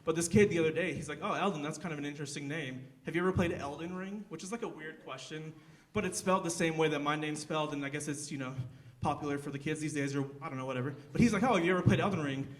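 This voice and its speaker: A man's voice: on the high side, fairly even intonation, fast talker. Rambling self-mocking young man on stage. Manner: rambling, self-deprecating, full of fillers. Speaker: stand-up comedian. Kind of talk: live stand-up set. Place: theater stage.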